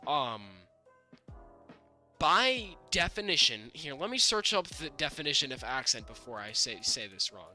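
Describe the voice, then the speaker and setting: A young man from the northern United States talks through a casual podcast chat, circling back with restarts and fillers. His voice is very bright and sits fairly high. He sounds a little under the weather, and faint music plays behind him. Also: big pitch swings, unhurried. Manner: rambling, lots of restarts and fillers. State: sick. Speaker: podcast co-host.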